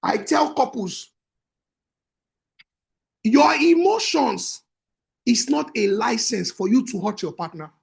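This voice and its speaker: Marriage coach guy preaching, real high voice, gravelly edge, keeps shouting for emphasis. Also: big pitch swings, slow pace, long pauses. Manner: emphatic, repetitive, bursts into shouting. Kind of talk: preaching-style marriage teaching.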